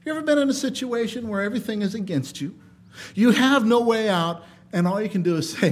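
A man preaches with a notably high-pitched voice. His delivery is dynamic, rising into loud emphasis and dropping to quiet asides. When reading scripture, he slows into a measured cadence. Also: a little hiss or hum. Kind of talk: sermon.

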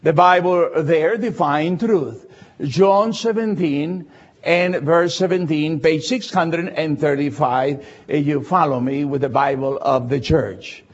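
An older man preaching a sermon with non-native English phrasing, slowing down deliberately to stress scripture. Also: on the high side. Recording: dull lo-fi recording.

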